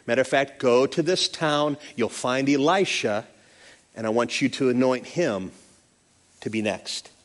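A calm, fatherly God speaks low and hushed, gently reassuring, as a preacher lends him his voice. The tone drops under the man's usual pitch and stays quiet and kind. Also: a little slow, long pauses, lightly acted. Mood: gentle.

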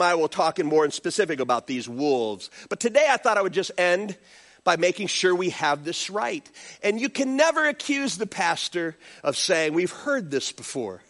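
A male pastor preaching a sermon, calling on the congregation to respond and acting out little voices as he goes. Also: high-pitched. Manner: animated preaching with call-and-response and acted-out voices.

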